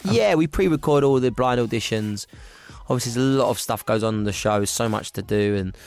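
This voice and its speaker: A man chatting as a guest on a radio show, cheerful and quick to laugh, often repeating his words. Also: mid-range voice, creaky, darkish tone. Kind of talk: casual radio chat.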